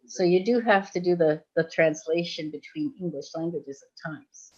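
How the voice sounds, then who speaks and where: With a deep, darkish voice at a moderate pace, a woman in her sixties from Belgium, who trains people in hypnosis, chats on a livestream. Her talk rambles with frequent laughter, captured in dull, lo-fi sound.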